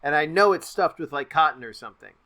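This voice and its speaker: A man's voice: a little high, fast. A man playing a tabletop role-playing game, joking and rambling between his character's moves. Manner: joking, rambling, animated asides. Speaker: player. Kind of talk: casual tabletop game play.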